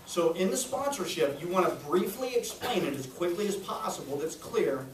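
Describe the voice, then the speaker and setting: High-voiced man coaching in an echoey room. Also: expressive, normal speed, a crowd in the background. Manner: upbeat, coaching, asks the room questions. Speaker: sales trainer. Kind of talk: live sales training talk. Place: training room with a small audience. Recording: echoey room, voice a little far.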